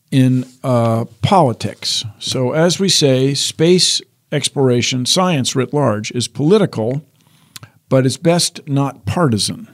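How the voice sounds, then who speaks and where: An older man explaining science in a casual chat, wry and explanatory, often restarting sentences. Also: mid-range voice. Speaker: science guest.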